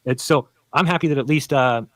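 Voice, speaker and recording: A man who used to be a flat earther arguing in a debate, explaining insistently and acting out what other people say. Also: medium pitch, no room sound. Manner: rapid, insistent explaining with quoted voices. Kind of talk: debate argument played from a recorded stream.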